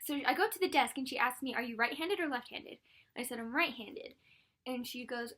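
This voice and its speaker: A young woman with a high voice tells a personal story to camera in a casual vlog. She talks in an animated, excitable way and acts out the lines of the people in it. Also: brisk. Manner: animated, breathless retelling with quoted voices and laughs. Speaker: vlogger.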